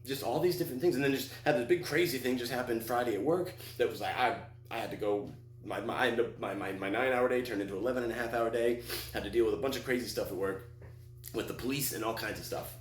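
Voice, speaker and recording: Man, middle-aged, personal storytelling, emotional, frequent restarts, average pitch, roomy sound. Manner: earnest, emotional, halting with many restarts. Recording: echoey room with faint hum.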